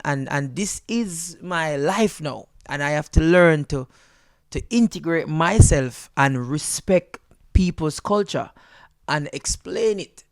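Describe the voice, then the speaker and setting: A Jamaican comedian telling a story in an interview, lively and jumping into high voices for the people he quotes. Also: creaky, no echo. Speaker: comedian guest. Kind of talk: animated storytelling.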